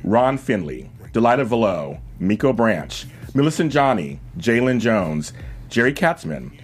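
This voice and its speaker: A man in his fifties hosting a talk show, excitable and quick, often laughing. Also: lowish voice, breathy edge. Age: 50s. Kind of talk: upbeat show host intro and guest roll call.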